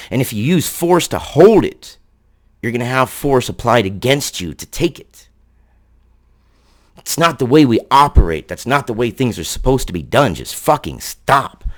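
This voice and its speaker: A man's voice: mid-range voice, big pitch swings, normal speed. A man delivering angry political commentary, sarcastic and profane in his ranting.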